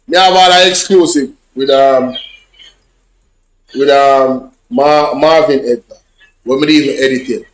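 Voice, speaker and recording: A man with a Jamaican accent and a medium-pitched voice, heard in a reverberant space, chats casually with online viewers. As a social media vlogger, he tells rambling, repetitive stories in patois.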